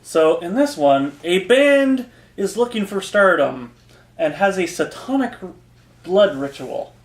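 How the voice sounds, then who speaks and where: A man's voice: high-pitched, sing-song, a little slow. Easygoing man in a roomy echo. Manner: easygoing, chuckles often. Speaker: podcast co-host. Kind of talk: casual comic review chat.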